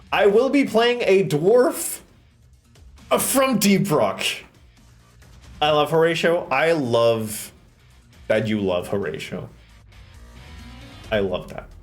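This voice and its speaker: A man streaming live from a home setup, chatting casually and rambling with jokes and bursts of swearing while he codes. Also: medium pitch. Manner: rambling and jokey, with sudden swearing outbursts. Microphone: desk microphone close in front.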